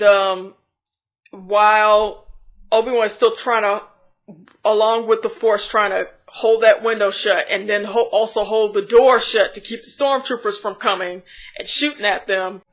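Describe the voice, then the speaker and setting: A woman's voice: mid-range voice, a bit bright. Chatty woman rambling through a recap. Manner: rambling, chatty, with frequent restarts and giggles. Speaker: show reviewer. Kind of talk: casual scene-by-scene recap.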